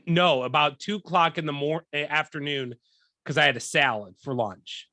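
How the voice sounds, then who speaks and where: A young man hosting a podcast, telling a profane story in a casual, animated way and acting out what people said. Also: fairly high pitch, moderate pace, no room sound. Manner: profane, animated, acts out quoted lines. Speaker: podcast host.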